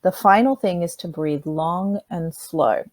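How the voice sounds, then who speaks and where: A woman's voice: lowish voice, measured pace, a little mellow, no room sound. Patient woman teaching kids to breathe. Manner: patient, plain, speaks directly to children; demonstrates by breathing sounds. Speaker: presenter teaching children. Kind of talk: children's workshop lesson.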